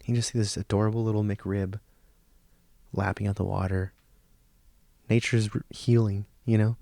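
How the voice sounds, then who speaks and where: A man in his thirties hosting a podcast, delivering a profane comic monologue that swings from hushed nature-documentary whispers to loud rants. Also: lowish voice, flat delivery, normal speed, gravelly, no echo. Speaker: podcast host. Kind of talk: comedic monologue.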